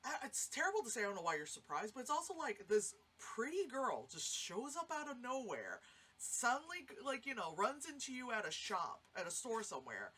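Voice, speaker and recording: A woman's voice: a little high, a little fast, breathy edge. A woman giving a casual, rambling spoken movie review, swearing freely and acting out lines. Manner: rambling, animated, swears freely, acts out quotes.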